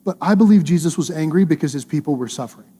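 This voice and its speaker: A man's voice: on the high side, animated, fast talker, dark tone, husky. A male pastor preaching a sermon in an earnest, conversational way, using emphatic repetition.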